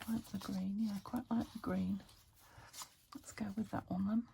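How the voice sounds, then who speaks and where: Gravelly British woman thinking aloud. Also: mid-range voice, steady tone, normal speed, warm tone, slight background noise. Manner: chatty, thinking aloud, drifting into whispers. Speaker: craft vlogger. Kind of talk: casual narration while crafting.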